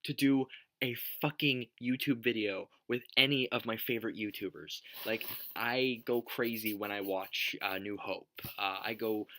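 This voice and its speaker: A man's voice: lowish voice, fairly even intonation, normal speed, a bit bright. A young man answering tag questions on a vlog, rambling, joking and swearing a lot. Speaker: vlogger.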